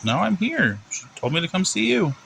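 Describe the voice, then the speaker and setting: A seven-year-old boy, high-pitched and innocent, played by a man who pleads in a whiny little voice. The voice sits far above the teller's own low tone. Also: big pitch swings, moderate pace, creaky, fairly bright tone, a little hiss or hum, heavily acted. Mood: bewildered.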